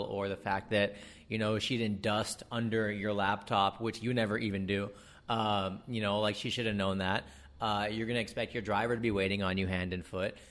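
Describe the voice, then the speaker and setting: A man with an American accent, a comedian giving a ranting monologue, animated and exasperated, swearing freely and dropping in fillers. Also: lowish voice. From United States.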